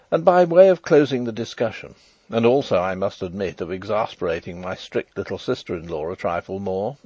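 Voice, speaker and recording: A man narrating a classic novel as an audiobook, wry and expressive in his storytelling. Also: lowish voice, slightly rough, dry recording. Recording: dry close recording.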